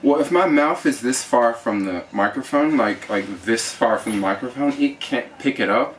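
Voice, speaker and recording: Heard from far off the mic with slight background noise, a travel vlogger of medium pitch talks animatedly at a moderate pace. He's demoing his gear, a GoPro fitted with a shotgun mic, chatting casually, rambling, and filling his speech with fillers.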